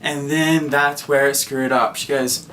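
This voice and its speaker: A young man telling a story to camera in a casual, excitable vlog, full of fillers and acted-out quotes. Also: mid-range voice, a little slow, slight background noise. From Australia. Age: young adult. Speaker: vlogger.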